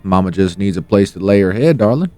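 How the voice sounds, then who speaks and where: A man's voice: sits low, animated, brisk, darkish tone, no room sound, faint music behind, voice pushed up. A man putting on a drawling Southern mama. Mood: wary. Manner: folksy drawl, calls people darling. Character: evicted middle-aged Southern woman, wary and on the run.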